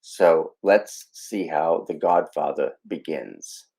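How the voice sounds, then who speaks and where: A man's voice: very deep voice, slow, creaky, darkish tone, poor audio. A man hosting a podcast, casually explaining a film scene with frequent fillers and asides. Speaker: podcast host.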